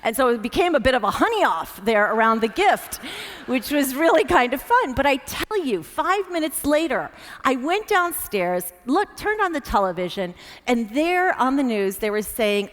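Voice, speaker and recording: An American woman with a fairly high voice tells animated anecdotes from a stage, full of fillers. Her words ring out with a long reverb in a large hall. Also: moderate pace. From United States. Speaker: former diplomat, speaker. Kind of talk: anecdotal storytelling talk.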